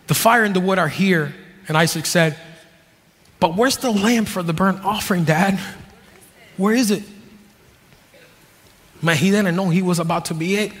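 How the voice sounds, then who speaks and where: A man in his thirties, a pastor, preaching a sermon with jokes, dropping to low asides and rising to shouted peaks. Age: 30s. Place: church hall. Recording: long reverb of a large hall.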